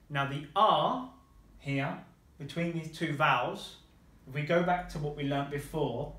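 A man leads a slow, patient Spanish lesson for beginners, encouraging the learner and praising them often. His voice is a little high and a bit bright, and the sound is roomy.

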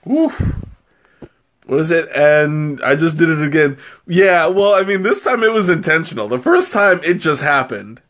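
Fairly high-pitched and fairly bright, this man speaks at a moderate pace with lively intonation and barely pauses. Tasting tea live on stream, he rambles casually, giggles often and mocks himself while spicy tea gives him a runny nose.

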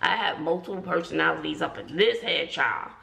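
A woman's voice: deep voice, expressive, a little fast, creaky, a bit bright. A middle-aged woman from Brooklyn chatting casually to camera as a family vlogger, playfully slipping into a put-on patois and peppering her talk with "you know.". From Brooklyn, New York.

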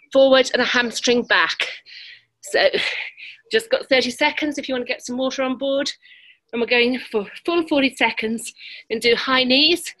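A high-pitched woman coaching a live workout class over a video call. She counts reps and urges people on with lots of energy, sounding a little out of breath. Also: fairly bright tone, low-quality recording. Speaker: fitness coach.

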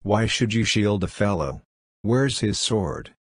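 A man's voice: lowish voice, lively intonation, takes it slowly, breathy edge, no echo, exaggerated voice. A man reading as an old lord in a thunderous whisper. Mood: hissing. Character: old bullying lord, hateful father.

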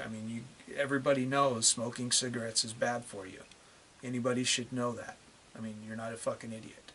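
A man's voice: medium pitch, bright, forceful tone, slight background noise. A middle-aged man delivering a profane, angry rant on his channel, drawing out words for emphasis. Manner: drawn-out emphatic phrasing. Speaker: channel host. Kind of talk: vlog rant to camera.

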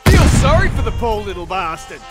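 An actor playing a brash, foul-mouthed soldier who throws swaggering taunts in video game combat voice lines. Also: male voice, high-pitched, very animated, a little fast, over loud music. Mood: cocky. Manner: taunting, swaggering trash talk. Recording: loud gunfire behind the voice.

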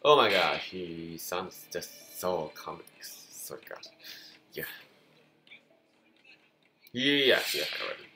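A man's voice: low voice, takes it slowly, pauses often. Guy rambling over his card game, voice jumping all over, lots of repeats, noisy mic with mouse clicks. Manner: excitable, repeats phrases, talks to opponents on screen. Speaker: gameplay commentator. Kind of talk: casual live gameplay commentary.

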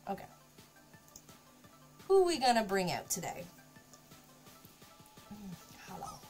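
Lively, unhurried woman streamer chatting. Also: medium pitch, over music. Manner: chatty, talks to her cat while working. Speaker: craft streamer. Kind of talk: casual live-stream chat.

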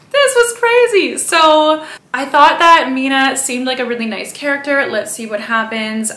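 A woman's voice: a little high, bright, forceful tone, echoey room, a little hiss or hum. A young woman from Canada chatting casually to camera as a vlogger, full of "like" and "you know" fillers.

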